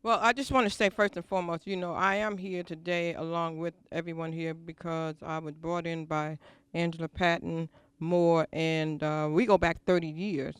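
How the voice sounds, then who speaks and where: A woman's voice: low-pitched, clear, resonant tone, no room sound. A woman on a talk show panel giving an earnest, faith-filled testimony with emphatic phrasing. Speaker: panel guest. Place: school venue.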